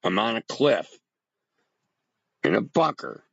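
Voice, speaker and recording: A man's voice: on the low side, very animated, slow, creaky, no room sound, highs cut off. A middle-aged man rambling casually to his viewers on a livestream, greeting chat by name. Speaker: livestream host. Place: home bunker.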